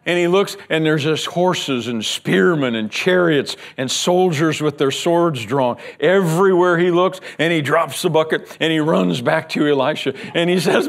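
Animated male pastor preaching. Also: a little slow, creaky, hardly any pauses. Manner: animated storytelling, acting out the scared servant in a high strained voice; drops to a hushed, low prayer. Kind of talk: sermon.

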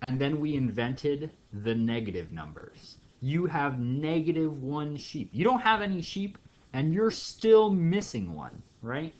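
A man's voice: fairly high pitch, lively intonation, a little slow, darkish tone, muffled recording. A man teaching a math lesson in a playful, jokey storytelling way, acting out little scenes. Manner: playful storytelling with acted bits. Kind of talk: jokey classroom lecture.

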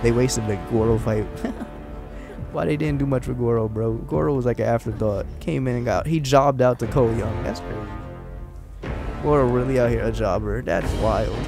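A young man hosting a casual let's-play, chatting excitably with frustrated outbursts. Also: mid-range voice, normal speed. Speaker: gaming channel host. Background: game music and sound.

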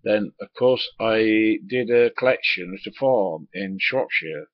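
A man's voice: fairly low pitch, measured pace, dry recording. A man, a former truck driver, tells a rambling anecdote, swearing casually and filling it with uhs and asides. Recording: dull lo-fi recording.

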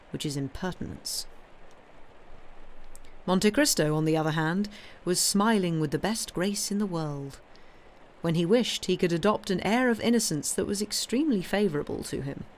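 A woman reading a classic novel aloud on a livestream, narrating in an even, measured way. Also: fairly low pitch, a little hiss or hum. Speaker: reader.

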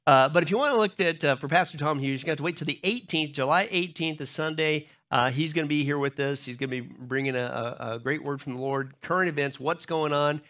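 Bright-voiced joking pastor. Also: male voice, on the high side, fairly quick, hardly any pauses. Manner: joking, loose and chatty, many fillers. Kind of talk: church announcements before a sermon. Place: church sanctuary.

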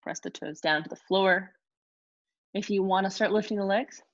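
A woman teaching a live online yoga class, giving calm step-by-step cues between sighs and exhales. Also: medium pitch, normal speed, lo-fi sound. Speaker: yoga instructor.

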